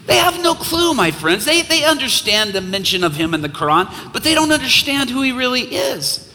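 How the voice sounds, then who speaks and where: Male guest preacher, bright and forceful, impassioned sermon storytelling, long hall reverb. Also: very high voice, sing-song, normal speed, a little hiss or hum. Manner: impassioned, builds to loud exhortation.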